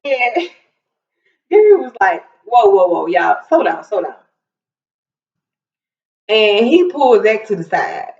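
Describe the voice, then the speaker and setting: A woman hosting a casual TV recap, retelling scenes in an animated way, laughing often and quoting the characters in quick asides. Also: medium pitch. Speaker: recap show host. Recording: roomy, distant, dull sound.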